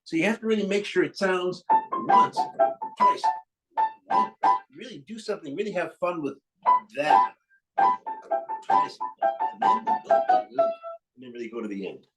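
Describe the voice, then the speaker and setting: A man's voice: sits high, huge pitch swings, moderate pace, poor audio. Encouraging man coaching at the piano. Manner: encouraging, sings phrases to demonstrate. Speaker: piano teacher. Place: room with a piano being played. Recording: loud piano over the voice.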